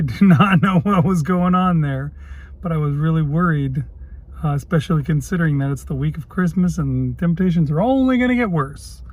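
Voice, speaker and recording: A man's voice: fairly high pitch, a little mellow. A man keeping a casual video diary. He talks candidly, is self-deprecating and chuckles often. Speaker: vlogger.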